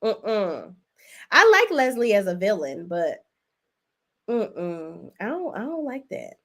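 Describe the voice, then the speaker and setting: A woman's voice: medium pitch, slow. Chatty woman recapping soaps to her chat. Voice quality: chatty, animated, talks to chat directly. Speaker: host. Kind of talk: casual live-stream soap opera recap.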